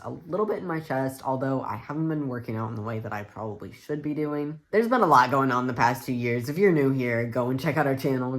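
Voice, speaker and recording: A young man vlogging a casual to-camera update, relaxed and chatty with plenty of fillers. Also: mid-range voice.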